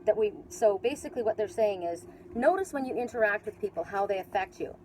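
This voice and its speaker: A woman's voice: medium pitch, lively intonation, fast talker, darkish tone, a little hiss or hum, low-quality recording. A middle-aged woman from Canada with a Canadian accent, giving a casual spiritual tarot reading on an outdoor patio and rambling with many restarts and fillers. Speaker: tarot reader.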